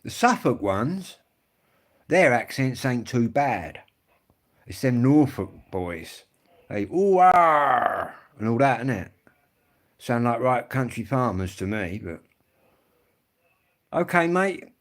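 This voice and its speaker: A man's voice: medium pitch, very animated, takes it slowly, long pauses. A man hosts a casual live stream and chats straight to his viewers. He rambles from one story to the next, swearing freely in a blokey, matter-of-fact way.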